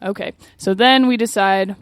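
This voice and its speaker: A woman's voice: medium pitch, fairly even intonation, moderate pace, clear, resonant tone, no echo. A woman co-hosting a podcast, telling a story in casual chat, laughing often and swearing freely. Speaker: podcast co-host.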